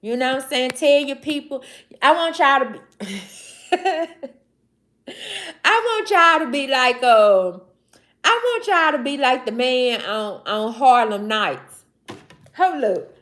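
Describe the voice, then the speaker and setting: A woman's voice: sits high, animated, takes it slowly, long pauses, fairly bright tone. A woman with a Southern accent from Mississippi, hosting a casual livestream and talking straight to her chat in a loose, slangy way that repeats itself. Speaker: livestream host. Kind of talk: casual live-stream chat.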